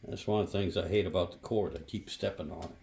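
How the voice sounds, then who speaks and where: A man's voice: sits low, fast, gravelly, slight background noise. A man hosting a casual home cooking vlog, chatting and murmuring over the food as he tastes it, recorded on a phone. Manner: relaxed, chatty, savoring food with murmurs and apologies. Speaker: DIY channel host. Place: home kitchen by a woodstove. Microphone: phone camera.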